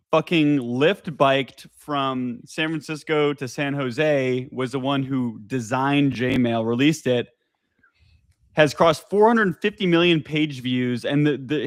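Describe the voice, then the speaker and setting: A man co-hosting a casual podcast who lets his stories unfold at an unhurried crawl. His voice sits at an ordinary middle pitch, and he swears offhandedly. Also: clean tone, no room sound, clean studio sound. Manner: laid-back, drawn-out storytelling with swearing. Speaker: podcast co-host. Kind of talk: casual chat.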